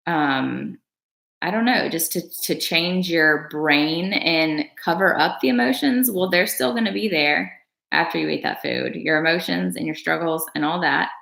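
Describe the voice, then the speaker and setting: A woman's voice: sits low, measured pace, gravelly, fairly bright tone. A young woman vlogger talking earnestly on a livestream, rambling with many fillers and restarts. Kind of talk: casual livestream chat. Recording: roomy room echo.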